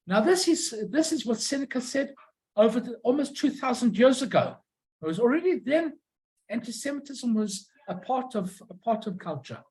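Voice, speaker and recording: A middle-aged woman giving an informal illustrated lecture on postcards, who often pauses to search for her words and tells anecdotes along the way. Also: on the high side, very animated, a little mellow, poor audio.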